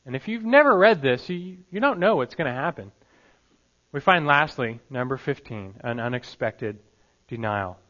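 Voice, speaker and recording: A man preaching a sermon in a conversational, emphatic way, swinging between loud bursts and low, soft asides. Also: very animated, normal speed, muffled recording. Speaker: pastor.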